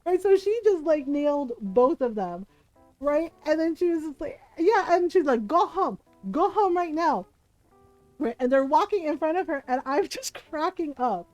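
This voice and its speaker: A woman's voice: high-pitched, animated, normal speed, warm tone, dry recording, soft background music, poor audio. A woman streamer telling a family story in casual chat, laughing often and acting out the people she quotes.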